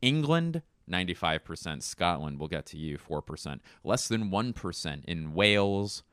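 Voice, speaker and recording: A man's voice: low-pitched, big pitch swings, normal speed, fairly bright tone, clear, resonant tone, dry recording. A man hosting a casual solo podcast, rambling and joking with plenty of swearing. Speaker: podcast host.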